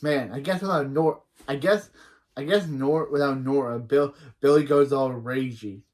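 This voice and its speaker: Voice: mid-range voice, moderate pace, darkish tone. A reaction video host casually retelling a cartoon episode, rambling and restarting sentences.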